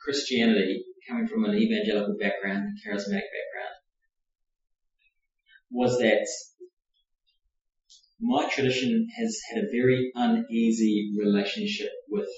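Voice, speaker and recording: A man's voice: mid-range voice, wildly swooping pitch, a little slow, pauses often. A man preaching a sermon, reflective and conversational, often hedging with fillers as he teaches. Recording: very echoey, distant mic, dull lo-fi.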